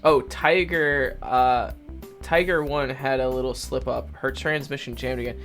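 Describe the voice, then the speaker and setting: A man reading the lines of a calm young woman nurse in a game, gently scolding and matter-of-fact. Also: mid-range voice, a little slow, soft background music.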